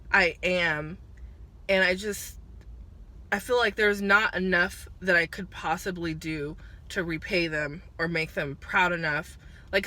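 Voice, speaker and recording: A woman in her twenties rambling through a personal vlog on a break at work, halting and stumbling as she holds back tears. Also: fairly low pitch, sharp tone. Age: 20s. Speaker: vlogger.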